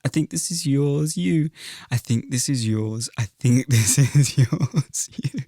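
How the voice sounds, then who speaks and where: A man's voice: medium pitch, unhurried, warm tone, dry recording, studio quality, close to an everyday voice. An English man voicing a flippant young Valley Girl in a breezy, drawling, sing-song way, recorded in a closet. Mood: coy.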